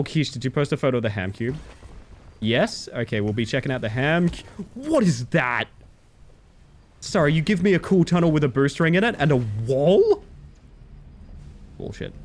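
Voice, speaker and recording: A man streaming a game live, chatting casually with his viewers in a playful, animated way and swearing freely. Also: mid-range voice. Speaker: livestreamer. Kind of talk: casual chat while gaming live.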